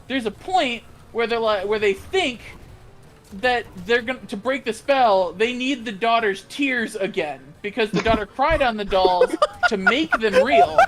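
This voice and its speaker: A podcast co-host in casual chat, telling a game's story in a rambling, animated way with lots of fillers and casual swearing. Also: mid-range voice. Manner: swears freely. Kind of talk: casual chat about video games.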